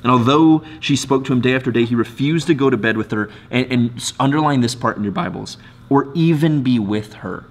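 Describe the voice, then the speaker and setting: A man's voice: medium pitch, a little fast. A man, a pastor, giving a short devotional sermon in an earnest, conversational way, often restarting phrases and checking in with "right?".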